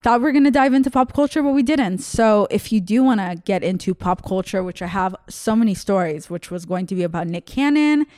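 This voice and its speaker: A woman's voice: mid-range voice, lively intonation, a little fast, hardly any pauses, mellow, no echo, clean studio sound. A young woman hosting a podcast, telling a story in a casual, chatty way, laughing often and acting out the other person's lines. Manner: chatty, laughs often, acts out quoted voices. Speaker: podcast host.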